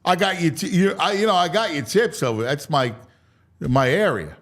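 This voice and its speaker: Animated male sports radio host. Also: on the high side, moderate pace. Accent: Philadelphia. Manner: animated, stumbling restarts. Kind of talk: sports talk radio chat.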